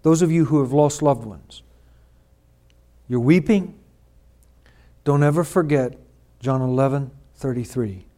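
A man preaching a sermon, reading scripture and swinging from hushed, slow lines to loud, drawn-out emphatic ones. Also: mid-range voice. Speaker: pastor.

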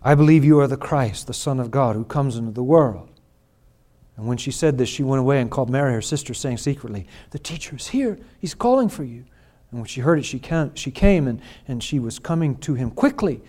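A pastor preaches a sermon and reads scripture, swinging between hushed, slow lines and loud, drawn-out emphatic ones. His mid-range voice is animated.

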